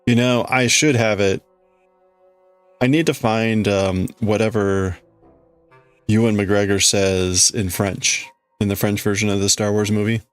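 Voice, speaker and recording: A man's voice: fairly low pitch, fairly even intonation, unhurried, clear, resonant tone, no room sound, faint music behind. A man hosting a livestream, chatting casually and rambling with his viewers, often restarting his sentences. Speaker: livestream host. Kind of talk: casual chat with live chat.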